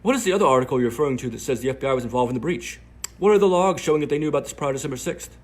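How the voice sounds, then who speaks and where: A man's voice: animated, very fast, close to an everyday voice. A man voicing an indignant, suspicious woman journalist in a put-on British accent, with a prim, accusing delivery. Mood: huffy. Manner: prim, accusing, raised pitch.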